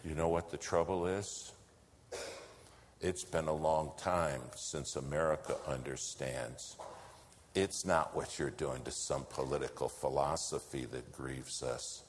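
A man preaching a sermon, telling a story and swinging between loud lines and hushed whispers. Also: extremely low pitch, fairly even intonation, a little slow, slight background noise. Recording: long hall reverb.

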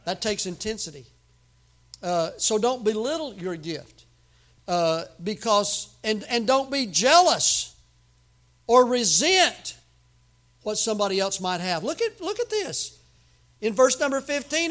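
Pastor, male, high-pitched, emphatic sermon delivery that swings from quiet asides to loud outbursts. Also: expressive, normal speed. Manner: emphatic preaching with sudden loud outbursts and humor.

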